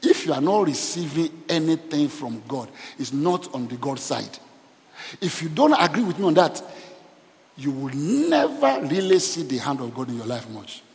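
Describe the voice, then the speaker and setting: In a reverberant church hall, a pastor preaches a sermon with call and response, asking the congregation questions as he goes. His voice is fairly high, very animated and darkish in tone, at a moderate pace.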